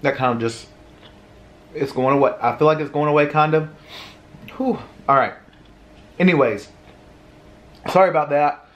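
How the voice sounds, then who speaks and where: A man's voice: on the high side, lo-fi sound. Man struggling through spicy food. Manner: chatty, drawn-out sighs, informal. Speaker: food vlogger. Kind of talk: casual mukbang talk to viewers.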